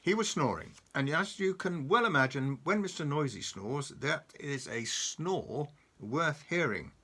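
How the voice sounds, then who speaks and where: A man reading a picture book aloud to a child, animated and chuckling, pointing out the pictures. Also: a little high, measured pace.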